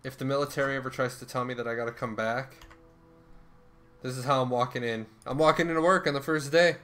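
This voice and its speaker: A young man livestreams a game, animatedly ranting and swearing a lot as he comments on the action. His voice is medium-pitched and fast, with faint music in the background.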